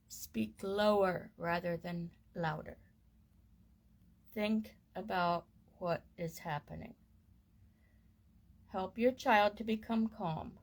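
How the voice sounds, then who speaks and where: A woman reading a parenting course book aloud in a gentle, measured and soothing way. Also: medium pitch, creaky. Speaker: reader of a parenting course text.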